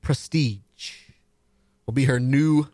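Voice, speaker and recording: A man's voice: mid-range voice, slow, no echo, clean studio sound. A man co-hosting a casual community radio talk show, upbeat and playful. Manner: upbeat, lively, playful announcer bits. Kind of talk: casual comic book chat.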